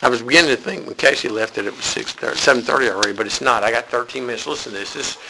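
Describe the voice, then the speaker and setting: A man's voice: medium pitch, very fast, sharp tone, slight background noise, poor audio. A man preaching a sermon in a church, folksy and conversational.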